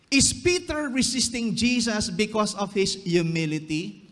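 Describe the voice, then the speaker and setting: Slow, emphatic pastor preaching. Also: male voice, high-pitched, big pitch swings, a bit bright. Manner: switches between English and Tagalog, slow emphatic delivery. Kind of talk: sermon. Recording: long reverb of a church hall.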